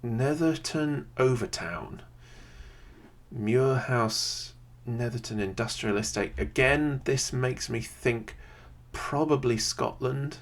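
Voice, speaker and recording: A man, thinking aloud in casual gameplay commentary from a quiet home room, often pausing with "um". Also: mid-range voice. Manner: thinks aloud, chatty, many "um"s. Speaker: video creator playing a geography game. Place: quiet home room with a computer under the desk.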